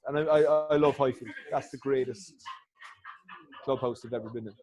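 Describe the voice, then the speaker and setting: A man's voice: medium pitch, steady tone, moderate pace, pauses often, mellow, rough recording. A man, a former rugby player guesting on a podcast, talking in a heartfelt, rambling way and swearing often. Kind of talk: casual chat.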